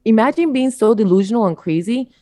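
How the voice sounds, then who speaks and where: A young woman telling a story in casual podcast chat, blunt and animated, swearing freely. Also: a little high, quick pace, dry recording. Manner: blunt, profane, animated retelling. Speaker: podcast co-host.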